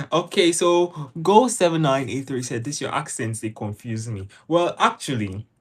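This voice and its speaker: A man's voice: a little high, lively intonation, measured pace, breathy edge. A young man with a Nigerian accent, chatting casually with viewers on his channel. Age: young adult. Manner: chatty, answers viewers' comments. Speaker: YouTuber. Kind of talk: casual livestream chat.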